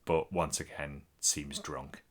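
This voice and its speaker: A man's voice: very deep voice, little pitch movement, slow. A man, co-hosting a podcast in casual, rambling chat full of swearing. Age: 40s. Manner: sweary, rambling, laughs a lot. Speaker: podcast co-host.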